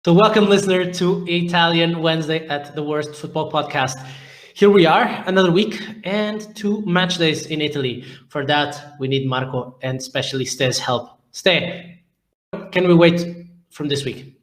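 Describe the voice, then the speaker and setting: A man's voice: on the high side, normal speed. A man hosting a football podcast, opening the episode with an upbeat, welcoming intro. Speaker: podcast host. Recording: roomy echo with faint music.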